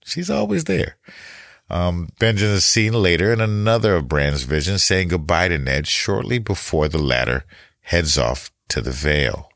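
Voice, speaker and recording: A man talking through a TV series recap and analysis in a thoughtful, casual way, pausing and restarting as he goes. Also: sits low, a bit bright, no room sound, studio quality. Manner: thoughtful, with frequent pauses and restarts.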